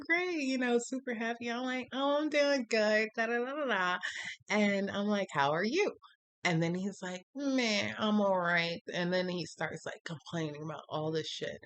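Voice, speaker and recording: A woman in a candid storytime monologue, speaking slowly and lingering on her words. Her voice sits on the low side for a woman, and she wanders through fillers and asides. When she quotes others, her pitch leaps up. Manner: candid, rambling, full of fillers, quotes people in a higher voice. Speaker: vlogger.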